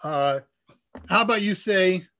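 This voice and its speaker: A man's voice: sits high, unhurried, a bit bright. A man with a nasal voice from the US Midwest, hosting a casual live Q&A stream and chatting keenly about tech.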